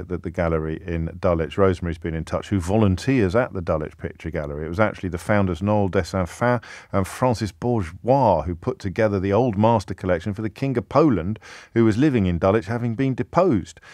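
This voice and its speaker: Male phone-in host, playful and quick, dry close studio mic. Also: low voice, darkish tone, no echo. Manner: quick, jokey, teasing banter with callers. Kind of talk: live radio phone-in chat. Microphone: studio microphone.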